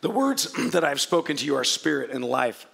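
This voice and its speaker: A man preaching a sermon to his congregation in a hoarse, gravelly voice, chatty and joking, often restarting his sentences. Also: medium pitch, sing-song, normal speed, a bit bright. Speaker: pastor. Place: church hall before a congregation.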